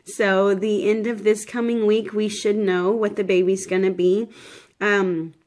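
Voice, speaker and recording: A woman's voice: medium pitch, level tone, unhurried, a little mellow. Chatty, tired woman vlogging casually. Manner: chatty, rambling, many fillers and restarts. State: tired and shaky. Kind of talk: casual pregnancy update vlog.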